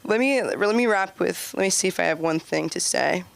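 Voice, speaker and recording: A woman's voice: lowish voice, normal speed, creaky. A woman doing open mic stand-up comedy on a club stage, chatty and giggly, with lots of "like" in her speech. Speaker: stand-up comic and show host.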